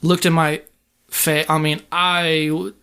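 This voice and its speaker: A man with a slightly high voice, a podcast guest retelling a personal story in an earnest, halting way, often restarting his sentences. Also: level tone, pushed and bright, clear, resonant tone. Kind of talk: casual spoken storytelling.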